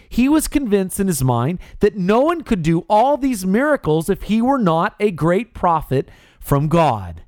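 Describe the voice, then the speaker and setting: A man preaching an expository sermon, with emphatic stresses that rise high and drop low. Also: darkish tone, no room sound, studio quality.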